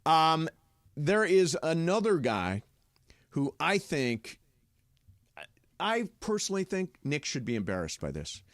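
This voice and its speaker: A man's voice: on the high side, big pitch swings, slow pace, pauses often, no room sound. A man co-hosting a sports radio show in a studio, joking and teasing his co-hosts in playful banter.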